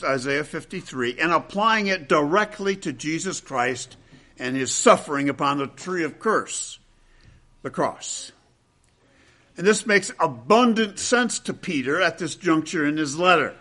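Slow, bright-voiced male preacher. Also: a little high. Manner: deliberate, emphatic, with slowed stresses on key phrases; quotes scripture at length in a measured cadence. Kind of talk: expository sermon.

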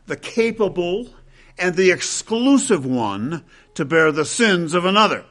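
A man preaching an expository sermon, quoting scripture at length in a measured cadence and slowing to stress key phrases. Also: high-pitched, lively intonation. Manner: deliberate, emphatic, with slowed stresses on key phrases.

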